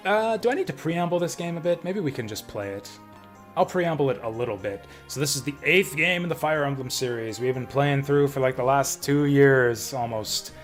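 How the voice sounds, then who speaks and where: A man streaming a game from home, chatting casually and ranting bluntly with plenty of swearing. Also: mid-range voice. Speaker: livestreamer playing games. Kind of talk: casual live-stream commentary.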